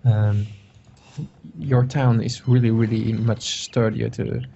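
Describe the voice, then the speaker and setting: A man's voice: medium pitch, flat delivery, slow pace, gravelly, mellow, slight background noise. A man casually commentating a strategy game match, chatty, with frequent fillers and laughs. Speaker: game caster. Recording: dull lo-fi stream audio.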